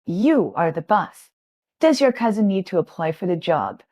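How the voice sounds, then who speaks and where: Woman reading as a pushy middle-aged aunt, whiny, demanding, lower voice, lively swings. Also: moderate pace.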